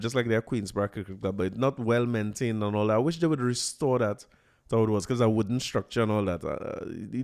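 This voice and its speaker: A man's voice: lowish voice, a little mellow. A man in his forties with a Trinidadian accent, hosting a podcast and telling sports stories in a chatty, laughing way. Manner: chatty, anecdotal, laughs often, dialect turns of phrase. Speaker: podcast host. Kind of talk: casual solo podcast talk.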